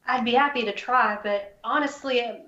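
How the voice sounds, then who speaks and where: Chatty woman player, slightly high, echoey room. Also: normal speed, bright, forceful tone, dull audio. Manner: chatty, hedging with fillers. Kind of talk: tabletop role-play. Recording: roomy echo.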